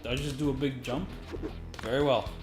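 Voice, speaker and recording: A gamer giving casual let's-play commentary, excitable and rambling, laughing at their own jokes. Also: medium pitch, brisk. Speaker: gamer playing through a game. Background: game music and sounds.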